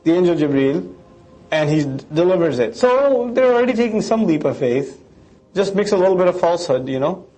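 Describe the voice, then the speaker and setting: A male lecturer talks through scripture line by line at a brisk, rapid pace. His voice sits fairly high. He slips into quick mocking impressions of critics as he goes. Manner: animated, explains line by line, mimics critics in quick asides.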